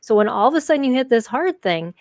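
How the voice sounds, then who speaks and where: Woman hosting a homeschool podcast, dry mic, calm thoughtful questions. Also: on the high side, fast, no room sound. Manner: thoughtful, affirming, asks follow-up questions. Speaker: podcast host. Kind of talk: conversational interview.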